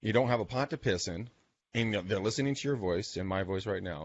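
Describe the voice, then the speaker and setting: Brief: low-pitched male host, blunt and casual, dry dull recording. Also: fairly quick, no echo. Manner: casual, blunt, with crude slang. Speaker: podcast host. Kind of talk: casual podcast conversation.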